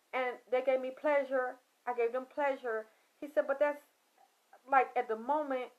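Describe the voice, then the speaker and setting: A woman host telling a story in an animated, emphatic way, quoting a man's words. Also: high-pitched. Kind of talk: storytelling monologue. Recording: dull lo-fi sound.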